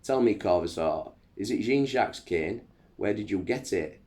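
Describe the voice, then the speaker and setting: A man with a low voice reading the lines of a jovial, mocking male emperor in a read-aloud history passage, his pitch slightly raised. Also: lively intonation, normal speed, a little mellow. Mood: teasing.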